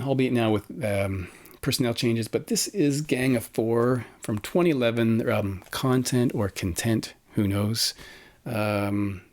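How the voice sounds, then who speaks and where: A man's voice: mid-range voice, a little mellow. A man casually reviewing vinyl records he bought, frank and opinionated, with plenty of fillers and restarts. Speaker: record collector vlogger.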